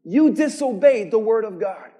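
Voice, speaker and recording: A man preaching a sermon as pastor, swinging from quiet, measured lines to shouted emphasis. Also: sits high, lively intonation, big-room sound. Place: church.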